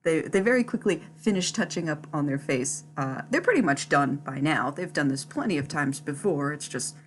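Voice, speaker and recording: A woman's voice: sits low, expressive, moderate pace. A woman playing in a tabletop role-play game, narrating her character's actions in a giggly, chatty way. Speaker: player.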